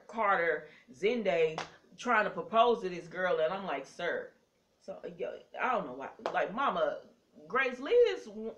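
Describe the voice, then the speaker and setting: A woman's voice: on the low side, a little hiss or hum. A woman talks through a soap opera episode for her viewers in a loose, conversational recap. She throws in sassy asides, says um a lot and corrects herself mid-sentence as she goes. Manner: frequent ums and self-corrections. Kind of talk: casual recap commentary.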